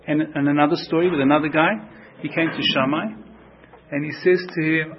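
A man teaching a Torah class, telling stories in an animated way, repeating phrases and acting out the quotes. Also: fairly high pitch, fairly quick, dull audio, slight background noise.

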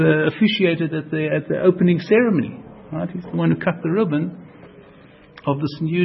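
A man giving a Torah lecture, animated and repetitive, dropping Hebrew and Yiddish terms into his explanation. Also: a little high, gravelly. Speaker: Torah teacher. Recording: dull lo-fi recording with faint hiss.

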